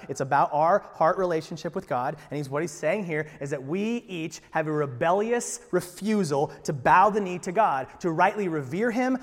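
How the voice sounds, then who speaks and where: A man preaching a sermon as pastor, emphatic, moving from quiet lines to loud ones and asking his listeners rhetorical questions. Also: on the high side, long reverb tail. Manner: conversational, asks rhetorical questions.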